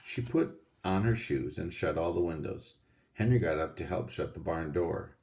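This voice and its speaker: A man reading a children's storybook aloud in a steady, unhurried way. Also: sits low, creaky. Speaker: audiobook reader.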